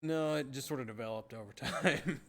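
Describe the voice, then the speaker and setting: A man co-hosting a podcast, teasing and quick to laugh in casual chat. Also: medium pitch. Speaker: podcast co-host.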